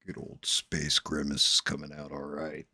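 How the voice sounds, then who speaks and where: A man's voice: rumbling low, moderate pace, breathy edge, no echo, studio quality. A man hosting a livestream, chatting casually while he paints, swearing freely and muttering to himself as he works. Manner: relaxed, rambling storytelling. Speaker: livestream host.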